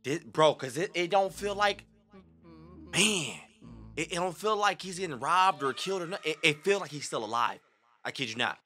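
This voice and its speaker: An excitable young man comments over a video in loose street slang. His voice is bright and swings widely in pitch, dropping to a near-murmur at times. Faint music sits under him. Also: normal speed. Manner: animated slang-heavy, swings from loud outbursts to low murmurs. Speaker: reaction video host. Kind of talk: casual reaction commentary.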